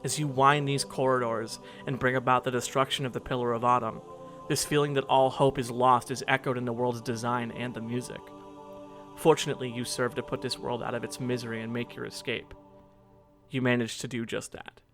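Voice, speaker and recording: A man's voice: medium pitch, flat delivery, a little fast, fairly bright tone, faint music behind. A man in his twenties narrating a scripted video essay in an earnest, reflective way.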